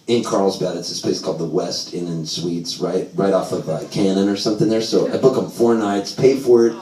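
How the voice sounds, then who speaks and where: A man's voice: low-pitched, fairly quick, mellow. A middle-aged man telling rambling, profane stories on stage, acting out his parents' voices. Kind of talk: live comic storytelling. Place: bar with a live audience. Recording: echoey room, distant mic, crowd noise.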